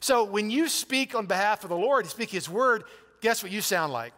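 High, bright-voiced preacher man. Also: lively intonation, normal speed, long reverb tail. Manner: conversational, emphatic preaching with direct appeals. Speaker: pastor. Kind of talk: sermon. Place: church sanctuary.

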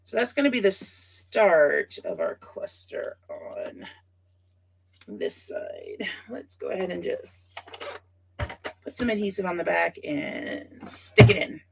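On her easygoing scrapbooking livestream, a woman greets viewers by name and muses aloud with many asides as she works. Her fairly low voice swings widely in pitch, moving slowly with vocal fry and a breathy edge.

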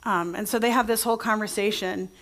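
A woman's voice: mid-range voice, steady tone, fast talker, a bit bright. A woman pastor giving a conversational sermon to her church, telling stories with many restarts and asking the congregation questions. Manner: chatty storytelling with frequent restarts, addresses the congregation directly.

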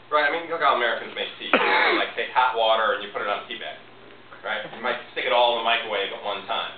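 A man's voice: mid-range voice, fast, narrow, tinny audio, noisy background. Man teaching in an echoey room, distant and thin. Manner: chatty, quizzes the audience. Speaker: science teacher. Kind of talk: classroom demonstration talk.

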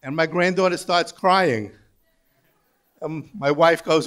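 A man's voice: fairly high pitch, unhurried, long pauses, fairly bright tone. Man in his sixties giving a joking dinner speech. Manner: dry storytelling with self-mocking jokes. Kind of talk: humorous after-dinner speech. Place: large banquet hall.

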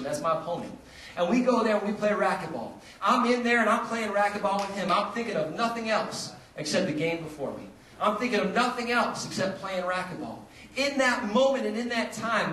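A man preaching a sermon as pastor, telling a story with lively, animated delivery and acted-out dialogue. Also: high voice. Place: church sanctuary. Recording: roomy, distant church recording.

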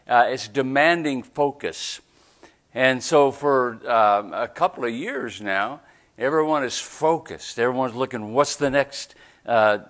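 A man's voice: mid-range voice, fairly bright tone. A man preaching a sermon at a church service, talking in a conversational way and often checking in with the congregation. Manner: conversational preaching with frequent "right?" asides. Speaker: pastor.

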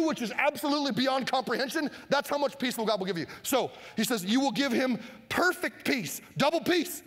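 A pastor preaching a sermon, animated, acting out Bible scenes and shouting for emphasis. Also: male voice, extremely high pitch. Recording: long hall reverb.

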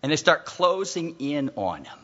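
Animated high-voiced preacher in a hall. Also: male voice, normal speed, dull audio. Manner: animated storytelling preacher, acts out voices, calls out to the crowd. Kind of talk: sermon.

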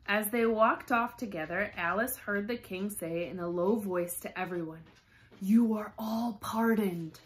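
A woman reading a children's storybook aloud, slowly and carefully, with lively expression. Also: mid-range voice.

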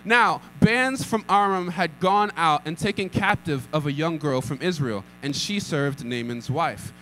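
A man's voice: fairly high pitch, unhurried, sharp tone, slight background noise, rough recording. A young man preaching a sermon, repeating lines and calling for responses. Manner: acts out scripture with rising intensity. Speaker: pastor.

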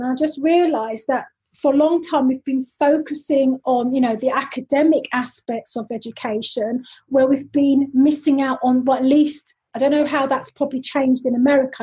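High-voiced, chatty London woman. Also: warm tone, husky, rough recording. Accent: London English. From London, England. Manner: chatty and upbeat, laughs easily. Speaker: guest, teacher educator. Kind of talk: casual interview chat.

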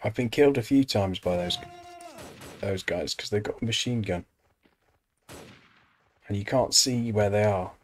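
A man's voice: fairly low pitch, unhurried, pauses often, a little hiss or hum. English man, let's play host, casual commentary, wry self-mocking asides. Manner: chatty, self-deprecating asides to the game.

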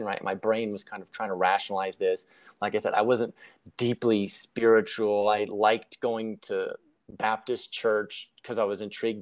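A young man with a low-pitched voice tells his story in a relaxed interview. He rambles and corrects himself as he goes, reflective and unhurried. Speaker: guest sharing a near-death story.

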